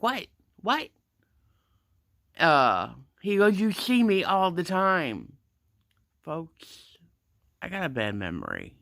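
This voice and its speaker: A man rants casually about a clash at his gym front desk, voicing each person's lines with sudden pitch jumps. His voice is bright and smooth. He talks slowly and deliberately, in a dry, close sound. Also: dry recording. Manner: animated, acts out the dialogue with pitch jumps. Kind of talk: casual storytelling rant.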